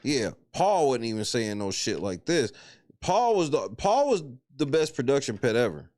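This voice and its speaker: A man hosting a casual talk show, reacting to a reality show with animated, profane disbelief. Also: medium pitch, moderate pace. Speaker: host.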